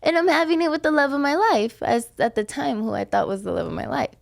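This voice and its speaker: A woman's voice: sits high, animated, quick pace, creaky. A young adult woman hosting a podcast, telling a personal story in a blunt, profane, emotional confessional way. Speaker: podcast host. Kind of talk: casual podcast chat.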